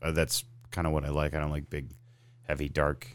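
Deep-voiced man ranting on a podcast. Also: completely flat delivery, fairly quick, smooth. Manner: sarcastic, ranting, swears freely. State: stuffy from a sinus cold. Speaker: podcast host. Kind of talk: casual chat.

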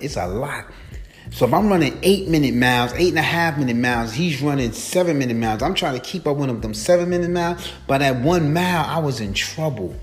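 A man hosting a podcast, telling a personal story as a motivational monologue, preachy and repetitive, his voice climbing high and loud as he gets worked up. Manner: preachy and repetitive, driving points home; climbs high and loud when retelling the race. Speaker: podcast host.

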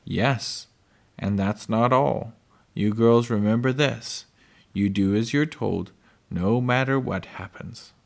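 A man reading aloud, voicing a calm but firm pioneer father in a storybook with a slow, gravelly voice. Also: fairly low pitch. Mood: stern. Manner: steady, measured, plainly read.

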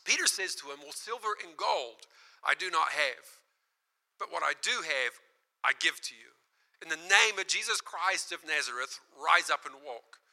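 A man preaching a sermon, telling a story with lively acted-out quotes and frequent laughter. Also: fairly high pitch, normal speed, creaky, low-quality recording. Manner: animated storyteller, acts out quoted voices and laughs often.

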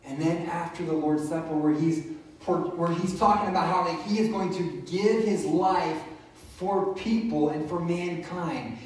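A man's voice: on the high side, darkish tone, recorded from a distance, slight background noise. Man preaching in a very echoey room. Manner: conversational, retelling scripture in his own words. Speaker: pastor. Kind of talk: sermon.

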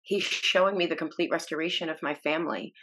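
A woman with a slightly low voice shares her personal faith story as a podcast guest. She speaks earnestly and emotionally, often restarting her sentences and breaking into small laughs. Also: fairly even intonation, quick pace, fairly bright tone. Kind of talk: personal testimony in a podcast interview.

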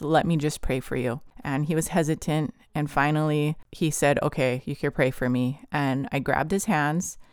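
Earnest podcast host with a smooth voice. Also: medium pitch, no echo, clean studio sound. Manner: earnest, vivid, with frequent "like" fillers. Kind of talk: personal testimony storytelling.

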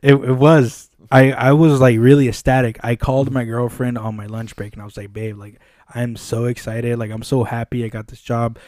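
A man with a mellow, warm voice tells a long story in a relaxed podcast chat. He swears freely and acts out what other people said. The sound is dry and close. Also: medium pitch, normal speed, no room sound. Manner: animated, swears often, acts out quoted dialogue. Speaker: podcast co-host. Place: podcast studio.

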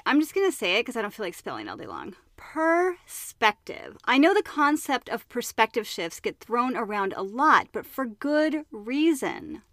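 A bubbly woman hosts her own podcast, chatting in a playful, profane way. Her voice sits a bit high. The sound is dry and close, with no room echo. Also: fairly bright tone. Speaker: podcast host. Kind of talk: solo podcast monologue with a read-aloud excerpt.

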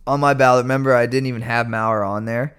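A young man with a voice of middling pitch, chatting casually as co-host. He tells stories in an animated, joking way. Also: fast, clear, resonant tone. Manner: animated storytelling, jokey. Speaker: podcast co-host. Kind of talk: casual chat.

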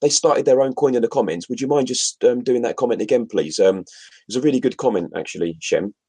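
A man with an expressive, mellow, slightly rough mid-range voice talks quickly while co-hosting a casual livestream. He reads viewer comments aloud, speaks directly to the audience, and laughs often in a chatty way.

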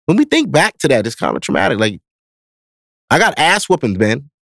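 A man's voice: medium pitch, fairly quick, gravelly, no room sound, studio quality. A man in his thirties hosting a podcast, telling stories in a casual, profane, laughing way. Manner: profane, lively, laughing storyteller. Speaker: podcast host. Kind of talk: casual storytelling.

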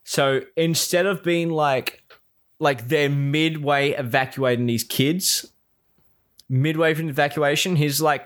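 A man in casual chat, retelling a series with lively put-on quotes and frequent swearing. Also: on the high side, unhurried. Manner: animated, acts out characters' lines, swears freely.

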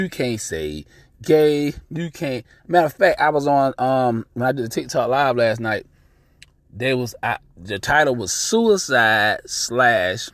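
A man's voice: mid-range voice, dry recording. Blunt, profane man ranting, dry sound. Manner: blunt, profane, animated, repeats himself. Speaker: podcast host. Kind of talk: casual ranting monologue.

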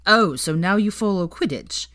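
A woman's voice: mid-range voice, expressive, moderate pace, a bit bright, lightly acted. A woman reading a fan story aloud, voicing a blustering, teary young man who talks in a choked, sheepish way. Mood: indignant.

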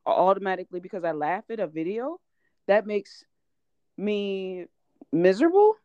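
A woman's voice: mid-range voice, lively intonation, moderate pace, a little mellow, smooth, no room sound. Indignant woman, dull dry recording. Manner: indignant, emphatic, profane. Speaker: content creator. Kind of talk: casual chat.

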